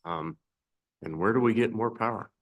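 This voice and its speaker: Low-voiced senator asking a hesitant question. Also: male voice, moderate pace, muffled recording. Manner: hesitant, stumbles and repeats words. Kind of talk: committee hearing question. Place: legislative committee hearing room.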